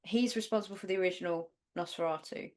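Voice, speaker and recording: A woman's voice: fairly low pitch, fast, darkish tone. Woman, podcast co-host, from northern England, casual, rambling, filler-heavy. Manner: rambling, conversational, many fillers. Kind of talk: casual chat.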